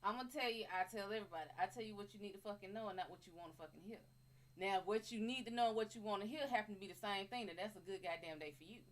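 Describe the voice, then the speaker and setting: A woman's voice: medium pitch, very fast, a little hiss or hum. Blunt, brassy woman tarot reader. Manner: blunt, profane and brassy, calling viewers honey and baby; chatty, greeting viewers by name. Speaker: tarot reader hosting a live stream. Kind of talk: casual livestream chat.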